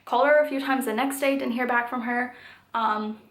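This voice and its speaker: A woman's voice: a little high, steady tone, normal speed. Young woman chatting in an echoey room. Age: 20s. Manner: chatty, filler-heavy telling with frequent "like" and "um". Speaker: vlogger. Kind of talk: storytime vlog.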